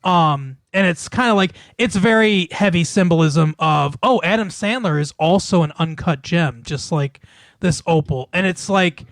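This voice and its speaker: In clean studio sound with no room sound, this high-pitched podcast co-host retells a movie plot at a moderate pace. He rambles with plenty of fillers and restarts, laughs often, and swears casually.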